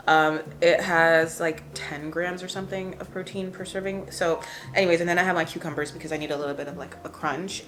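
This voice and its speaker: A woman's voice: fairly low pitch, fairly bright tone. A young woman chatting casually to camera as a lifestyle vlogger, rambling along with lots of "like" from her couch at home. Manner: chatty and rambling, heavy use of "like". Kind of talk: casual vlog chat to camera.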